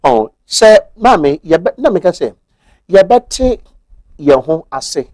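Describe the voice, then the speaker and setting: A man's voice: fairly high pitch, big pitch swings, slow, a little mellow, no room sound. A man with a Ghanaian accent explaining marriage law on a talk show, methodical and switching between Twi and English.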